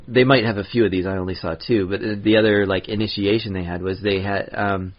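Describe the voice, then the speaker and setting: A podcast co-host with a fairly low, fairly even voice talks fast in a casual chat, rambling, laughing often, and restarting his sentences a lot. The audio sounds dull.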